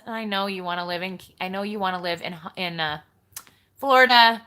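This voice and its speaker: A woman's voice: mid-range voice, brisk, sharp tone, clear, resonant tone. A woman hosting a casual live stream, chatting in a rambling way and talking straight to her viewers as she reads their comments. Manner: chatty and rambling, jumps between topics, talks straight to viewers.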